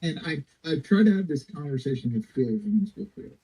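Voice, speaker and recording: A man's voice: fairly high pitch, expressive, a little fast, dark tone, slightly rough, low-quality recording. A man hosting a live stream in casual chat, talking in a heated, rambling, heavily profane way. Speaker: streamer host.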